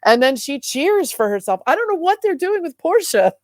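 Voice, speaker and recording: A woman co-hosting a podcast in casual chat, animated and laughing often, acting out characters' lines as she recaps. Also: sits high, moderate pace, no room sound. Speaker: podcast co-host.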